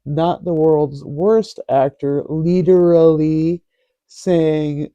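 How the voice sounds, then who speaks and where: A man's voice: on the high side, steady tone, takes it slowly, warm tone, dry recording. A man hosting a casual commentary vlog, reading posts aloud in a sarcastic, mocking way. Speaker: host.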